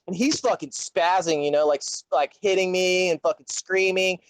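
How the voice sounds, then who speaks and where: A man's voice: sits high, normal speed, clean tone, no echo, rough recording. A young man telling a long story in casual chat, rambling and swearing constantly. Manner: profane, rambling, animated storyteller.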